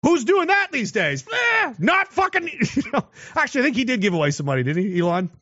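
Animated high-voiced man ranting. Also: brisk, no room sound, lo-fi sound. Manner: animated, swings into loud mocking voices. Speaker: commentator. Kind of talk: casual opinion monologue.

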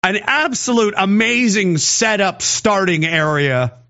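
Male streamer, high voice, sarcastic rambling commentary, dull low-fi sound. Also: animated, a little slow, sharp tone. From Canada. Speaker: streamer reading chat. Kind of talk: casual livestream commentary.

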